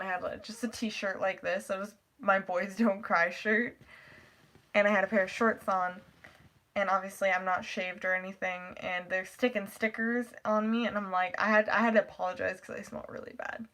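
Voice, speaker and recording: A teenage girl vlogging casually, retelling a story in a rambling, animated way, full of "like" and quoted asides. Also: medium pitch. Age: teens.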